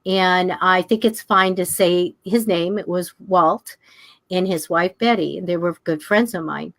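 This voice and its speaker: An older woman teaching a class, telling stories in a chatty, animated way and jumping high in pitch when she acts out the people she quotes. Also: measured pace. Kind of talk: casual storytelling to a class.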